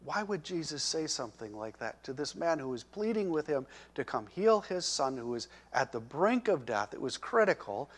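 A man preaching a sermon, slow and emphatic, growing loud and urgent when he speaks the characters' words. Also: a little high, big pitch swings. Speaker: pastor.

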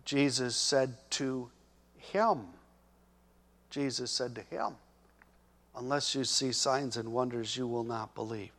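A man preaching a sermon, slow and emphatic, growing loud and urgent when he speaks the characters' words. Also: mid-range voice. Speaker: pastor.

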